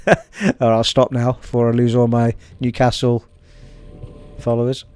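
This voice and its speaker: A man's voice: medium pitch, completely flat delivery, normal speed, a little mellow, clean tone. A man commenting on his video game play, cheerful and thinking aloud as he reads menus. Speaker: gaming streamer.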